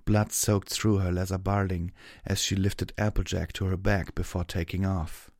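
A man reading an action story aloud as narrator, in steady, even scripted narration on a close mic. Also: low voice, normal speed, no room sound.

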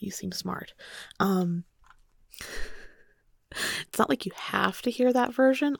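Gravelly hushed young woman. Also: lowish voice, no echo, studio quality. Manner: soft, hushed delivery that often drops to a whisper; chatty and halting with fillers when speaking off-script. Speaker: audio story narrator. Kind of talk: intimate first-person narration.

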